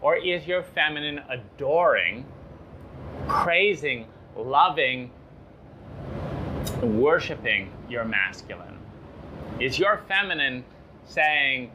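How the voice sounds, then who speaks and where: A man giving a motivational self-help talk, pausing often with fillers and firing off rhetorical questions. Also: mid-range voice, animated, sharp tone, lo-fi sound, slight background noise. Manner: slow, halting with frequent fillers.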